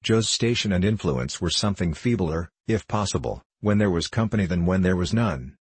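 A man narrating a novel aloud in measured first-person storytelling. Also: sits low, expressive, husky, no echo. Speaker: audiobook narrator.

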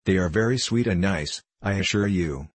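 A man with a low, husky voice reading the lines of a gruff, blunt female yellow hen in an audiobook story. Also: moderate pace, no echo. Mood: matter-of-fact. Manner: gruff, blunt and self-assured.

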